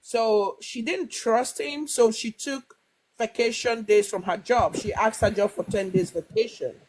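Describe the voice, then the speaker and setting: A woman's voice: a little high, a little slow, a little mellow, husky, low-quality recording. Rambling woman retelling a story to live viewers. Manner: rambling, with many fillers and restarts; acts out quoted dialogue. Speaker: livestream host.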